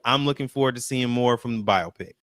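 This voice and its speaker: Bright, crisp-voiced man chatting. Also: mid-range voice, a little fast, no room sound, clean studio sound. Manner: animated, urging listeners directly. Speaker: co-host of a reaction show. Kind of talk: casual chat.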